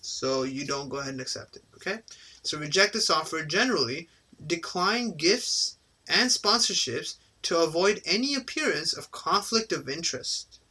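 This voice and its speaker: A man's voice: on the high side, lively intonation, normal speed, bright, forceful tone, breathy edge. A man giving a casual exam-prep lecture, often tagging "right?" onto his points and briefly acting out the people he quotes. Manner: casual, repeats "right?" to check understanding; acts out quoted people in passing.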